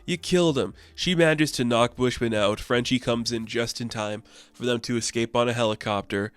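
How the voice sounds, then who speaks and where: A man's voice: medium pitch, fairly even intonation, moderate pace, clean tone, no room sound. A man reviewing a comic book in casual chat, enthusiastic and filling his talk with "like". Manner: enthusiastic, heavy use of "like".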